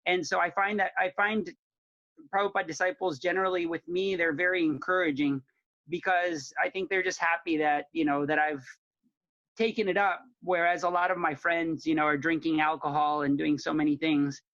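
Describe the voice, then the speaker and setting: A friendly man chats casually and laughs easily. His voice sits fairly high for a man. The sound is dull, lo-fi and dry, like a video call. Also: fairly even intonation, normal speed, a bit bright, no room sound. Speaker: community member, guest. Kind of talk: casual chat.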